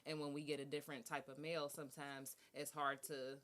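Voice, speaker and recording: A woman's voice: low-pitched, flat delivery, a little fast, a bit bright. A woman guest on a casual podcast chat, explaining her view thoughtfully and at length.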